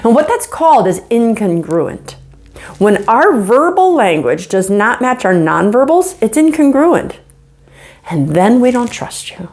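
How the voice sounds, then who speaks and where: A woman teaching relationship skills straight to camera, emphatic and animated, often checking in with "right?". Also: a little high, a little slow. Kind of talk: direct-to-camera teaching talk.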